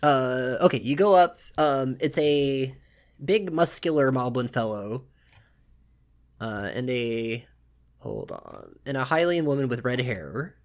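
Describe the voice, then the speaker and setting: A man narrating a tabletop game as game master, relaxed and halting, with many fillers. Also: medium pitch.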